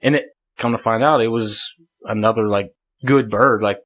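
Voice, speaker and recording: A man's voice: on the low side, normal speed, fairly bright tone, muffled recording. A man as a podcast guest, telling a hunting story in casual conversation, laughing often and rambling with lots of filler words.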